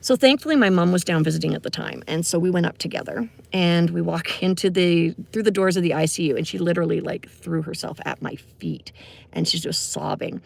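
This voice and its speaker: A woman's voice: lowish voice, fairly quick, vocal fry. A middle-aged woman, a music teacher telling a personal story in a casual, conversational way, full of fillers and asides. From Canada.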